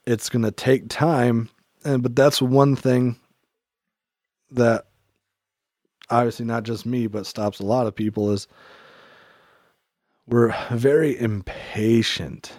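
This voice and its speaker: A man muses aloud in a relaxed conversation about faith, wandering through his points with lots of "like" and half-finished starts. His voice sits at an ordinary middle pitch, and the recording is close and dry with no room sound. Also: takes it slowly, long pauses, no echo. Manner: rambling, reflective, heavy on "like" and restarts. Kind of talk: casual faith-themed chat.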